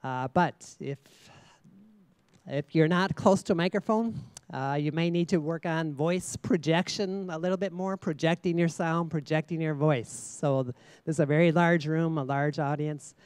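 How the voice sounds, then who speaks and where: A contest judge giving feedback to students in a teacherly manner, voice smooth and resonant. The judge keeps asking the room questions and checking in with "okay?". The sound is close and dry, with little room around it. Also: medium pitch, moderate pace, darkish tone, no echo. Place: very large room with a large audience. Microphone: stage microphone.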